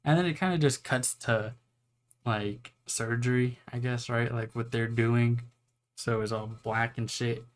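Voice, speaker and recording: Young man, casual recap, unhurried delivery, profane, rambling. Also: medium pitch, steady tone. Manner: rambling, profane, acts out the characters' lines. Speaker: anime reviewer.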